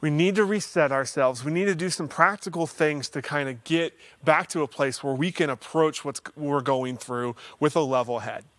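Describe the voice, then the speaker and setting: A man hosts a counseling livestream and talks through faith-based advice in a relaxed, conversational way, earnest with a touch of self-deprecating humor. His voice sits slightly high for a man. The sound is dry, with almost no room echo. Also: normal speed, hardly any pauses. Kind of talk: casual faith-based teaching talk.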